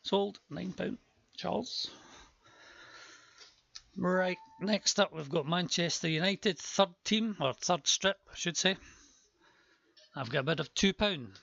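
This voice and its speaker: A man's voice: high-pitched, slow pace, gravelly, long pauses, pushed and bright, dull audio. A man calling a live auction stream, chatty with joking asides, his voice worn from a long day before.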